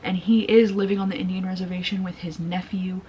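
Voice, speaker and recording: A woman's voice: fairly low pitch, little pitch movement, fairly quick, mellow, highs cut off, slight background noise. A young woman talking casually as a book vlogger, gushing and filling her sentences with "like" and "you know.". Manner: gushing, filler-heavy with lots of "like". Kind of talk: casual vlog chat.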